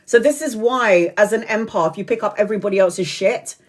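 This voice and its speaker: A woman's voice: medium pitch, fairly quick, noisy background. A woman in her forties from Brazil reads tarot live for her viewers. She talks in a blunt, chatty way, swears freely and laughs often. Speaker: tarot reader. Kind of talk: live-stream tarot reading.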